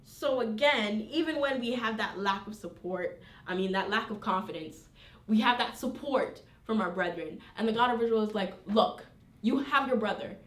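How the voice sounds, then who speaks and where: A Bible teacher leads an informal study, reading scripture aloud and checking in with her listeners. She speaks conversationally in a mid-range voice at a moderate pace, often using tag questions. The recording sounds roomy, with a distant mic.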